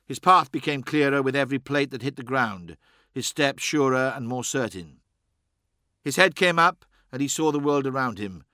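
A man reading a fantasy novel aloud in measured, dramatic audiobook narration. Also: mid-range voice, bright, forceful tone, no echo, clean studio sound.

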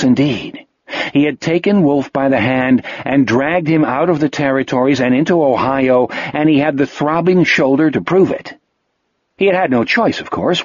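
A man narrates an audiobook in a steady, measured way, his mid-pitched voice slightly husky. The recording is dry, close and a bit dull in the highs. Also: no echo. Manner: measured storytelling. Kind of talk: scripted narration.

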